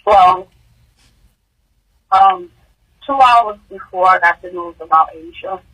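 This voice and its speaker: A woman, a grieving mother, giving emotional personal testimony in an interview, halting and repeating words, her voice rising high in distress. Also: a bit bright, husky, low-quality recording.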